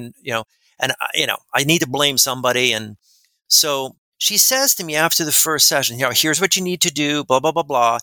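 A man with a gravelly, very bright and forceful voice tells animated, rambling stories as a podcast guest. His sound is close and dry, with no room around it. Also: mid-range voice, no room sound. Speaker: guest expert on workplace respect. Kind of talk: storytelling in a podcast interview. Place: lives in New Jersey.

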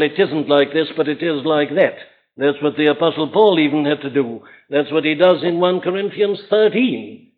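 A man delivers a sermon from the pulpit with earnest emphasis and searching rhetorical questions. His voice sits fairly high for a man. The audio comes from a thin, tinny archive recording. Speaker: preacher.

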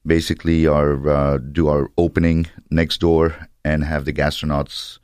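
A man being interviewed as a restaurant owner, speaking hesitantly with many pauses and fillers. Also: a bass voice, level tone, darkish tone, clean tone, no room sound, clean studio sound. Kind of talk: casual interview chat. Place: studio.

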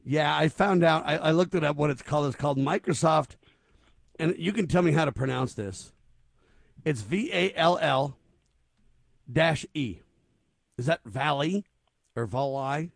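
Talk show guy, kinda high gravelly voice, bone-dry sound, rambles and jokes. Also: animated, moderate pace, long pauses, no room sound. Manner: joking, rambling, quizzes his co-hosts. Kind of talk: casual radio talk show chat.

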